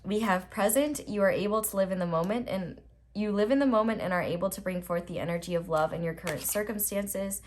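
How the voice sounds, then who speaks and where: A woman's voice: mid-range voice, fairly quick, a little hiss or hum. A young woman giving a casual tarot reading, chatty and rambling with frequent filler words. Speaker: tarot reader.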